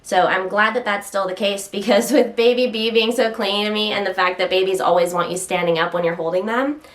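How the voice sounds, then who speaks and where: Woman, health vlogger, casual chat, rambling, self-interrupting, slightly breathless, mid-range pitch. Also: fairly even intonation, fairly quick, few pauses. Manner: occasional stutters. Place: home, standing while filming.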